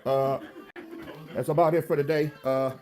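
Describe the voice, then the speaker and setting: A man's voice: a little high, fairly even intonation, normal speed, mellow, faint music behind. Male home cook, casual and chatty, showing his food on camera. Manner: easygoing, chatty, proud showing off dishes. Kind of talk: casual filmed chat.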